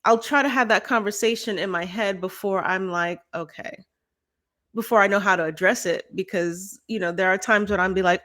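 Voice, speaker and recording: A woman's voice: mid-range voice, moderate pace, fairly bright tone. A woman co-hosting a podcast in candid casual chat, laughing often, swearing freely and acting out her own angry outbursts. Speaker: podcast co-host.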